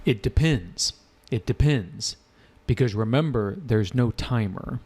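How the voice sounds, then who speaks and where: A man's voice: mid-range voice, expressive, unhurried, a little mellow, breathy edge. A man teaching a live online exam-prep lesson with energy, repeating points and quizzing his students. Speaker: English test-prep teacher.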